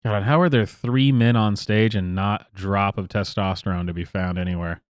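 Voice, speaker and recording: A man's voice: on the low side, fairly even intonation, a little fast, dry recording, clean studio sound. A man hosting reaction commentary, sarcastic and mocking, often laughing. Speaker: commentary host.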